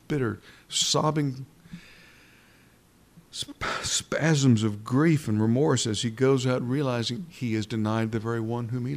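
Male preacher, mid-pitched voice, earnest fervent sermon delivery with halting repeats. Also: gravelly, a little mellow. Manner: restarts and halting repetitions.

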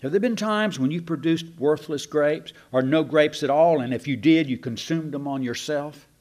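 A man preaching a sermon, slow and emphatic, asking rhetorical questions and sometimes restarting mid-phrase. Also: on the high side, darkish tone.

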